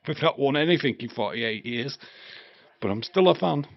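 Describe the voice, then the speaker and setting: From England, this man speaks in a mid-range, animated voice with vocal fry at a measured pace. Hosting a casual watch-along live stream, he chats in a rambling way, tells crude jokes and laughs frequently, and his dry, slightly dull mic picks up no echo.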